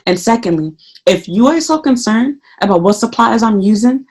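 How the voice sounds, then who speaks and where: A woman's voice: on the high side, normal speed, slightly rough. Woman venting profanely in a vlog. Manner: profane, animated storytelling; acts out her own quoted remarks. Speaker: English teacher in Japan.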